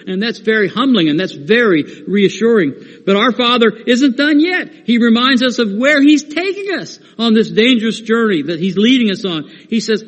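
A man's voice: extremely high pitch, very animated, normal speed, few pauses, a bit bright, in a large hall. A man preaching a sermon, earnest and rising to emphatic stress when he quotes scripture.

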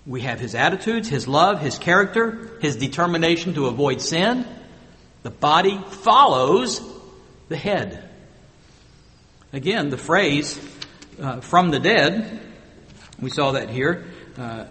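A man preaching a sermon with emphatic rhetorical questions, moving between loud stressed phrases and quiet asides. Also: on the high side, very animated, slow, long pauses, in a large hall. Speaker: pastor.

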